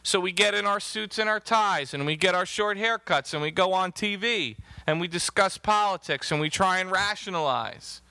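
A man with a high, very bright voice preaches a sermon with emphasis. He reads scripture aloud in old-fashioned wording. The sound is dry and close. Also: moderate pace, vocal fry, few pauses, clean tone, no echo.

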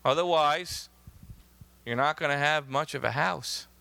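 A man's voice: fairly high pitch, a little slow, vocal fry, sharp tone. A man preaching a sermon, emphatic, reading scripture aloud in old-fashioned wording.

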